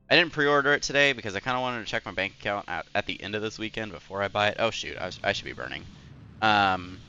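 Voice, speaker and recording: A man's voice: lowish voice, pushed and bright, lo-fi sound. A young man streaming a game, chatting casually in a rambling, filler-heavy, self-deprecating way. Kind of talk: casual live-stream chat.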